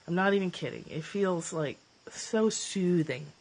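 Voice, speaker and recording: A woman chatting casually on a phone livestream, her slightly low voice choked up with tears. She gushes warmly, laughs often and keeps clearing her throat as she talks. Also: lively intonation, a little slow, slight background noise. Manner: emotional, teary and gushing, with frequent laughs and throat-clearing. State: teary, choked up. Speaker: livestream host, former therapist.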